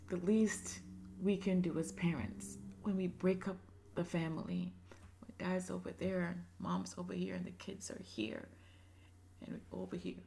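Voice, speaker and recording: A woman giving emotional reaction commentary, impassioned, moving between loud emphasis and soft whispery asides. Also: on the low side, gravelly. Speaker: reaction video creator.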